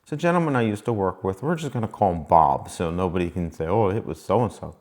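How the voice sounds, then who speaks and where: Man vlogger, lowish pitch, casual motivational storytelling, repeats himself. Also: expressive, fast, a little mellow. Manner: rambling, folksy, repeats himself.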